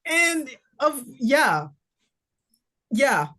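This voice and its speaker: Animated young woman telling a story. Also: sits high, drawn-out words. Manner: animated storyteller, quotes people in lively voices. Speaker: guest. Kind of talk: casual chat.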